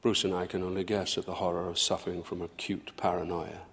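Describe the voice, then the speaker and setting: An actor playing a senior male consultant who speaks in a measured, lecturing way. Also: low voice, flat delivery, close to an everyday voice. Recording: roomy reverb.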